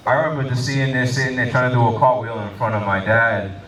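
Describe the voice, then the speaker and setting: A man doing stand-up comedy, telling animated, swearing stories and laughing at his own jokes. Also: mid-range voice, fairly quick. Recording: roomy live venue, mic from a distance.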